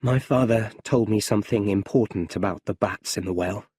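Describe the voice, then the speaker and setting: A man's voice: on the low side, normal speed, a little mellow, breathy edge, no room sound. A man voicing a weary young male hero in an audiobook story, with plain, tired-sounding speech.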